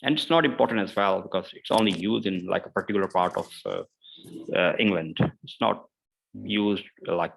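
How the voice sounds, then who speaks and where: A man runs an English pronunciation lesson in a low, gravelly voice. He drills every example word by saying it again and again. His chatty explanations are full of fillers. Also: low-quality recording. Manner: repeats each word slowly several times, with loose fillers.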